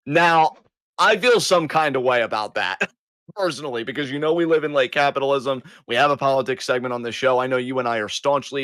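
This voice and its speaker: Man, podcast co-host, rambling casual talk, dry close sound, mid pitch. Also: a bit bright, no room sound. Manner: rambling, self-correcting, chatty. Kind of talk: casual chat.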